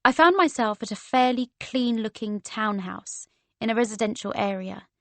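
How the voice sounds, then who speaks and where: A woman narrating a romance audiobook in the first person, in a measured storytelling manner. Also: a little high, fairly bright tone, no room sound.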